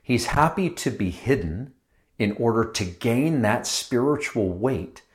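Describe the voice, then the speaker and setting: A man's voice: medium pitch, expressive, a little slow. A man giving a sermon as a guest speaker, reflective and lingering on phrases with small asides.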